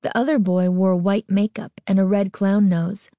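A woman narrating a spooky story as an audiobook, expressive and suspenseful. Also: medium pitch, normal speed, no room sound, clean studio sound.

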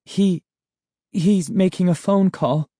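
A man voicing a frightened young girl who speaks in high, breathless whispers in an audiobook. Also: lively intonation, normal speed, mellow, slightly rough, no echo, clean studio sound, exaggerated voice. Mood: shaky.

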